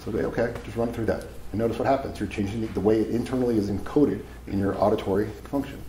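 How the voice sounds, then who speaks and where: A man's voice: fairly low pitch, fairly even intonation, racing, warm tone, reverberant, slight background noise, poor audio. A man giving a live seminar talk to an audience, casual and profane, telling stories as he goes. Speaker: seminar speaker.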